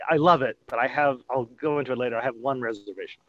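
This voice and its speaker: A man's voice: medium pitch, fast, dry recording, dull audio. A man co-hosting a podcast, chatting casually about a sitcom and often trailing off. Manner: chatty, trails off, laughs between remarks. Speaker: podcast co-host. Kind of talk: casual chat reviewing a sitcom episode.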